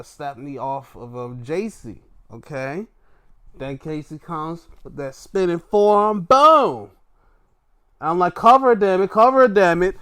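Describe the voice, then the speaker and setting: A man giving a casual solo wrestling review, animated and swearing freely as he recounts the action. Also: on the high side.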